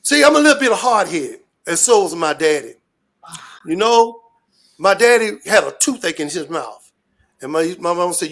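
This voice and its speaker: A man's voice: high voice, big pitch swings, normal speed. A man from Alabama with a Southern accent, ranting and telling rambling, profane stories as a guest on a talk stream. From Birmingham, Alabama. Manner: loud, cussing, rambling storyteller. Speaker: guest commentator.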